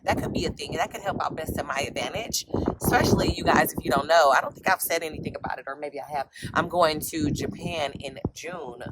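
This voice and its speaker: A woman's voice: low voice, a little fast. Emotional woman, gushing vlog chat. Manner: gushing, emotional, addresses viewers as y'all. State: emotional, near tears. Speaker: vlogger. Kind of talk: excited casual vlog chat. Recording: loud background noise.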